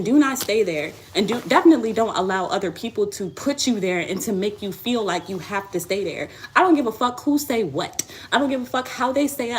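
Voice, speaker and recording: A woman tarot reader talking on a live stream, blunt, profane and preachy. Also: mid-range voice. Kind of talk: live tarot reading chat.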